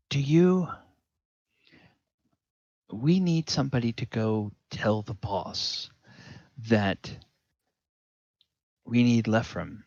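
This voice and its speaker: A scheming underling, as a man plays him, wary and syrupy in a low, slow voice. The recording sounds dull and dry. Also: no echo, heavily acted. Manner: wary, then syrupy sweet. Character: nervous male underling, sweetly scheming.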